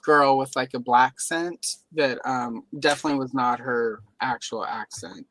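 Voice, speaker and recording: Chatting casually on a live stream, a man tells workplace stories as an animated storyteller, acting out the voices of the people involved. His voice is medium-pitched at a normal speed, and the live stream microphone picks up a little hiss or hum.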